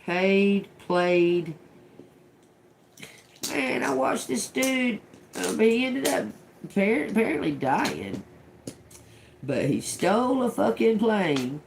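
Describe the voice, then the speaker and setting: Middle-aged woman doing a live tarot read, slow and drawn out, cussing and giggling, blurts odd single words, faint hum behind her. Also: mid-range voice, animated, gravelly. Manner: profane, giggly, muttering single words as they come. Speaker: tarot reader on a livestream. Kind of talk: casual live channeled reading.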